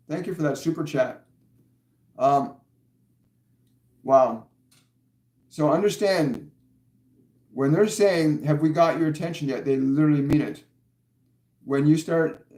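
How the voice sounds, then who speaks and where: A man's voice: medium pitch, a little mellow, roomy sound. A man giving a live-streamed spiritual talk as a medium, answering viewer questions in an earnest, insistent way and repeating key words for stress.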